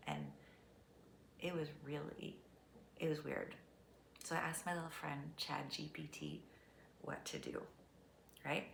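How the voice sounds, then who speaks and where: A woman's voice: deep voice, wildly swooping pitch, a little slow, vocal fry, pauses often. Casual vlog woman, candid and chatty, echoey room with faint background hum. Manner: chatty, candid, trailing off into soft near-whispers. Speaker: vlogger, fitness competitor. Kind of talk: casual vlog talk to camera.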